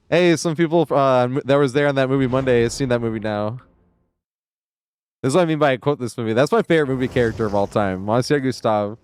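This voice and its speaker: A man's voice: medium pitch, quick pace, a little mellow, smooth. Rambling, cussing male game streamer. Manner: rambling, profane, chuckles often. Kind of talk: casual live-stream chat while gaming.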